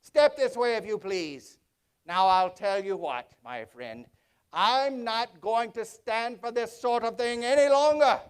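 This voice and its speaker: A man playing an elderly reformed miser in a stage monologue, chuckling and exuberant, dropping to low hushed tones when he tells his story. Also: measured pace, smooth. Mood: mock-stern jovial. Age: older. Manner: exuberant, chuckling, switches between high excitement and low hushed narration. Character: old reformed miser, giddy and warm-hearted male. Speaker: stage performer in a one-man show.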